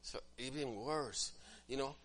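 A man preaching a sermon as pastor, swinging from quiet asides to loud, emphatic passages and acting out what church members say. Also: mid-range voice, unhurried. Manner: acts out quoted church members in different voices.

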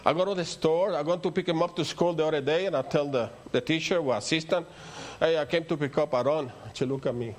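An older pastor, a native Spanish speaker with a Spanish accent, preaches a rambling sermon full of stories that builds to emphatic peaks. His voice sits on the high side, and he talks fast with hardly any pauses.

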